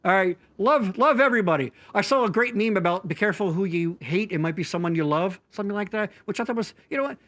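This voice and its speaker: Excitable male co-host, high and lively voice, bright tone. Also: fast talker, hardly any pauses. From Pennsylvania. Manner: excitable, jokey, rambling. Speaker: podcast co-host. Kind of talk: casual chat show hosting.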